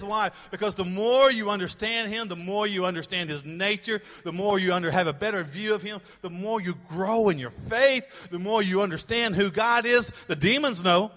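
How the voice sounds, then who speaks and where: Pastor guy preaching hard, high bright voice, lots of repeats, echoey church hall. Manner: emphatic preaching with repeated rising exhortations. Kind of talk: sermon.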